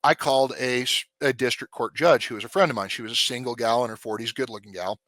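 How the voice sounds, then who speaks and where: A man tells a story from his police days in a blunt, profane and animated way. His voice is bright and forceful. The sound is close and dry. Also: mid-range voice, quick pace, no room sound. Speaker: guest, former police officer. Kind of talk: casual storytelling.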